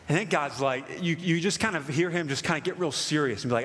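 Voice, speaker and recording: A man preaching an impassioned sermon, reading scripture slowly and with emphasis. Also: mid-range voice, fairly bright tone, long reverb tail, a little hiss or hum. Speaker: pastor.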